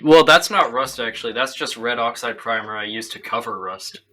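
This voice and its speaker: A man's voice: medium pitch, moderate pace, crowd noise, rough recording. A young man co-hosting a podcast, chatting casually and joking while showing his restoration project. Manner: joking, laughs often, trails off with ums. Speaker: podcast co-host presenting his vehicle restoration. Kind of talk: casual chat.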